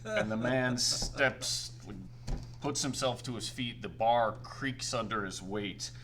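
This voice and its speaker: A man's voice: mid-range voice, slow, slight background noise. A man narrating a tabletop game as game master, laughing often and belting out other voices. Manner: animated, laughing, belts out voices.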